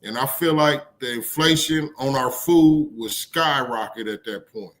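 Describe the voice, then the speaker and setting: A man's voice: mid-range voice, unhurried, fairly bright tone. A man co-hosting a casual live-stream chat, laid-back and rambling, with frequent swearing.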